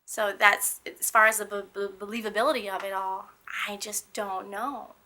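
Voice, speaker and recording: A woman's voice: medium pitch, steady tone, moderate pace, sharp tone. A young woman speaking candidly about living with a painful illness, earnest and emphatic, often restarting her sentences. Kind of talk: candid personal testimony.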